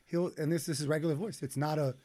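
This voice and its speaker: A young man talks in loose, casual podcast banter. His voice sits a little high, and he gets animated, swears freely and laughs often. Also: fast. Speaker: podcast co-host. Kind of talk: casual chat.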